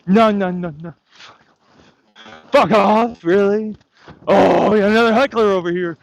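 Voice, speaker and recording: A man with a high voice and vocal fry keeps a steady tone and measured pace in a dry recording. Vlogging outdoors during a hike, he delivers a rambling, mocking, profane rant, sarcastically heckling a crowd that isn't there.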